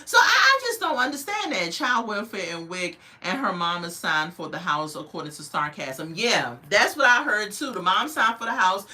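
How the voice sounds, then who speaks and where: With a medium-pitched, lively voice, a woman gives animated, casual commentary on reality shows. She imitates the show's people in rapid quoted voices and keeps calling viewers "y'all" and "baby."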